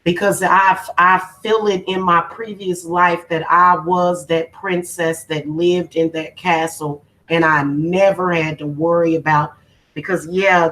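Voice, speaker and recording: A woman's voice: on the low side, a bit bright, rough recording. A woman hosting a spiritual channel, talking casually on a livestream in a heartfelt, emotional, informal way.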